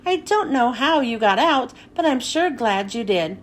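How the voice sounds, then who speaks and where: A woman voicing a kind schoolboy who speaks softly and reassuringly. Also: on the high side, expressive, a little slow, a little hiss or hum. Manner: soft, reassuring.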